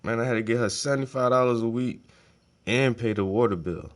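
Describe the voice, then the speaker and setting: A man's voice: mid-range voice, brisk. A man chatting casually while painting, telling laid-back, profane stories. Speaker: painting vlogger. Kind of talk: casual rambling chat.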